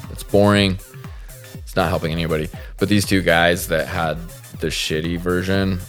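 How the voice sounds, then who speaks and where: A man hosting a podcast, telling a story in a profane, exasperated comic ramble. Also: sits low. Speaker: podcast host. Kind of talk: rambling comedic monologue.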